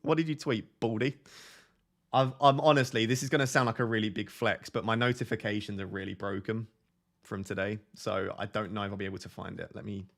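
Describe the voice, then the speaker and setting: A man's voice: lowish voice, fairly even intonation, brisk, vocal fry, fairly bright tone. A man hosting a casual fantasy football live stream, reading viewer comments aloud and joking and laughing with them.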